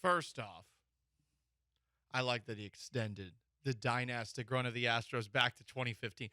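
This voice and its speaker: Animated sports talk host, bright crisp voice. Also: male voice, mid-range voice, normal speed, no room sound, studio quality. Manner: animated, mock-emotional, joking. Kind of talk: opinionated sports radio talk.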